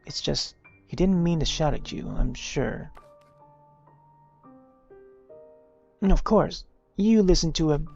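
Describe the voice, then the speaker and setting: A streamer voicing a worried mother in a game, speaking softly and coaxingly. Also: mid-range voice, gravelly, lo-fi sound, pitched above the performer's own voice. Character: gentle worried mother, soft and soothing.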